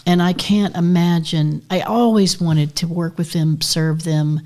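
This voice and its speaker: Low-voiced tearful woman, earnest. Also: steady tone, measured pace, dark tone. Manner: earnest and heartfelt. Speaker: co-host. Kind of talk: live podcast chat.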